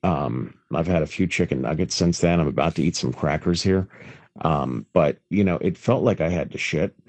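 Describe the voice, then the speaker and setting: Deep-voiced sick guy on a podcast, hoarse and rough, swears a lot and rambles, dry close sound. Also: moderate pace, darkish tone, dry recording. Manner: crude, rambling storyteller. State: hoarse from illness. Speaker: podcast co-host. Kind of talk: casual chat. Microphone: phone call.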